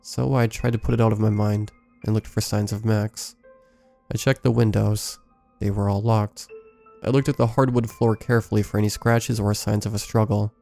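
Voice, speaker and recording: A man reading a first-person scary story aloud in a measured, scripted storytelling delivery. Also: fairly low pitch, level tone, vocal fry, dark tone, faint music behind. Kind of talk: scripted horror story narration.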